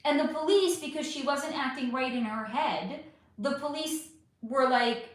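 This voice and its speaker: A woman reads out and answers viewer questions on a casual livestream, addressing her audience directly with heavy emphasis. Her voice is high, expressive, and a bit bright, swooping around a lot at normal speed, and the room is very echoey.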